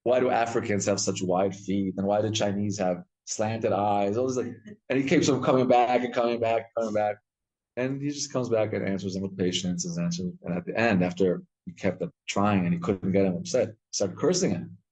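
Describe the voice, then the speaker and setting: A man teaching a Torah class, telling stories with lively acted-out quotes and frequent restarts. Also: on the low side, brisk, low-quality recording. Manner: animated storytelling, acts out quotes, frequent restarts.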